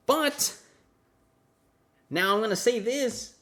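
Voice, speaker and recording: A man's voice: sits high, expressive, slow, pauses often, bright, forceful tone. A young man telling a story from his student days in a casual rant, exasperated and sarcastic. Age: young adult. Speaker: vlogger.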